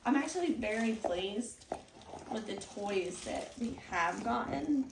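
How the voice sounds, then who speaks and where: A woman's voice: on the high side, lively intonation, a little slow. A woman talking in a coaxing, sing-song baby talk to her pet dog at home, recorded from a distance in an echoey room with background noise. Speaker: dog owner.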